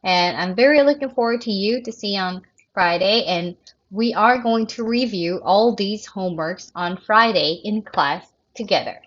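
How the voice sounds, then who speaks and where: A woman teacher giving a recorded grammar lecture in a creaky, tired voice, speaking deliberately and often restarting to correct herself. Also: mid-range voice. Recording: dull lo-fi lesson recording.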